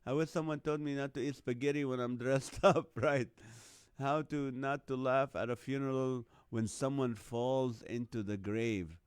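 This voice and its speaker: A man from the Middle East hosts a relaxed live stream, joking and chuckling as he reads out viewer names and guesses. His voice is smooth and resonant, and the sound is close and dry with no room around it. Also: medium pitch, moderate pace, no echo. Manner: jokey, laughs often, chuckling while reading names and numbers. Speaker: host of a live online show. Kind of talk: casual live-stream chat reading viewer comments.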